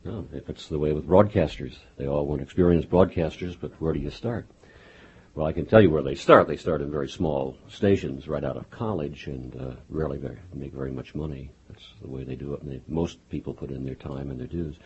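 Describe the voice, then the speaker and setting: A man with an extremely deep, raspy voice hosts a radio interview. He asks questions conversationally with frequent fillers. The sound is dull and lo-fi. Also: a little fast, darkish tone. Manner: conversational, hesitant.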